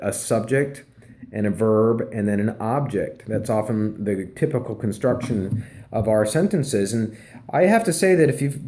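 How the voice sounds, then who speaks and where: A man's voice: medium pitch, warm tone. A man, a professor, giving a conversational recorded lecture with fillers and emphatic repeats. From Pennsylvania.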